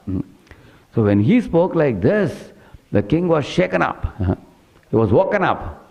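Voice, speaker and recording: A man's voice: on the high side, very animated, unhurried, gravelly, pauses often, lo-fi sound. A man preaching a storytelling sermon, dotting his telling with "hmm" and questioning "huh?" asides.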